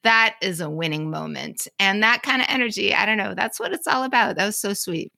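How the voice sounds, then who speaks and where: Bright dry-sounding woman, blunt, swears a lot, chatty podcast co-host. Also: medium pitch, a little fast, vocal fry, no echo. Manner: blunt, swears freely, laughs often. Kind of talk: casual chat.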